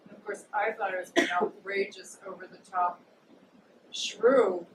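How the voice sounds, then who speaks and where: A woman's voice: mid-range voice, steady tone, measured pace. Woman astrologer, chatty talker, echoey room, background noise. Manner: chatty, many "like" and "you know" fillers, acts out quotes. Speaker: astrologer and psychic. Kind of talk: casual astrology talk. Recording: echoey room, distant mic, noisy.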